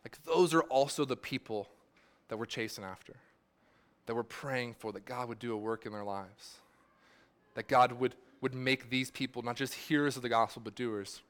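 A man's voice: medium pitch, normal speed, fairly bright tone. A man pastor giving a sermon in a casual, rambling way, full of fillers and restarts.

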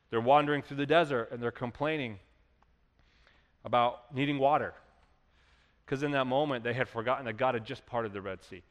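A man preaching a sermon as pastor, animated, acting out quoted complainers in a raised voice. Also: medium pitch, big-room sound.

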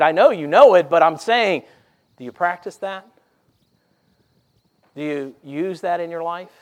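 A man preaching a sermon, asking his congregation repeated questions and reading scripture aloud with rising intensity, going from hushed to loud. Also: fairly high pitch.

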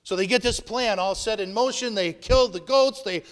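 A man preaching a sermon, retelling a Bible story with lively shifts between loud narration and hushed asides. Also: high voice, normal speed. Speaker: pastor. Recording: long hall reverb.

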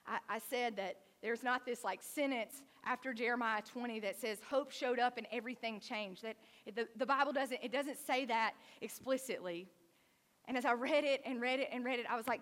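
A woman pastor preaches with animated storytelling, peppering her talk with "like". Her voice sits fairly high, and the long reverb of a large hall carries each phrase out. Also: moderate pace. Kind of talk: sermon.

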